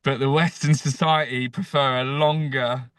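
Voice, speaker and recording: A male comedian guest on a casual podcast, talking crudely and bursting into loud rants. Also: medium pitch, steady tone, moderate pace, a little hiss or hum. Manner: crude, bursts into ranting shouts.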